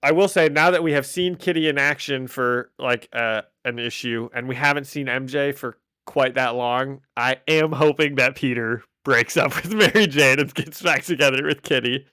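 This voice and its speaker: A man's voice: medium pitch, normal speed, hardly any pauses, pushed and bright, clean tone, dry recording, clean studio sound. A man co-hosting a casual podcast, musing aloud about a comic with hesitant restarts. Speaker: podcast co-host.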